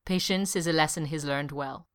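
A woman reading fan fiction aloud as an audiobook narrator, calm and even. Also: low voice, normal speed, clean tone. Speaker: podfic reader.

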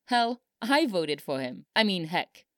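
A woman voicing an excitable young male pop singer who swears in giddy bursts, in a storybook reading. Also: on the low side, unhurried, dry recording, clean studio sound, pitched above the performer's own voice. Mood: playful.

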